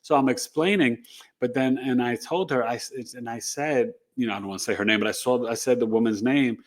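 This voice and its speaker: A middle-aged man, an astrologer, tells a personal story as an interview guest, animated and rambling, with lots of "you know" and "right?". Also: medium pitch, fairly quick. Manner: animated, re-enacts dialogue in the telling.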